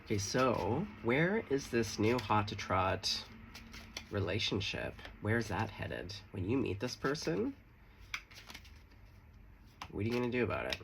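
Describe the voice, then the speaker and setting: Male tarot reader, casual and playful, expressive pitch, slight fry. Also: a little slow, long pauses, background noise. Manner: chatty, swearing, playful asides. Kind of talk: casual tarot reading to camera.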